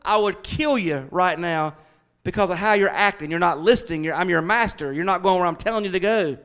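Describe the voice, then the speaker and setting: A man voicing an exasperated prophet who cannot control his donkey, speaking in a rattled, rapid way. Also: sits high, a bit bright. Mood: angry. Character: exasperated male prophet riding a stubborn donkey.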